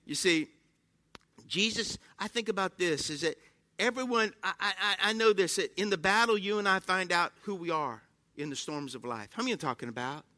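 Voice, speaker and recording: His voice sits high and moves fairly quickly, with no echo, as this man preaches. He tells his sermon's stories with animation, performing exclamations and often putting questions to the congregation.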